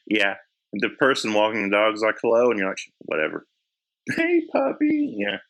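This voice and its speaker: A man talking as a podcast guest in a relaxed, easygoing way. His voice sits somewhat low, and he laughs easily between thoughts. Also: normal speed, rough recording. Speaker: guest, editor and publisher. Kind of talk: casual chat.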